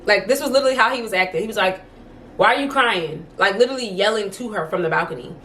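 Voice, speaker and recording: A young woman vlogs from home, chatting casually to the camera and telling stories packed with "like" fillers. Her mid-range voice is a bit bright and she talks very fast, with slight background noise in the recording.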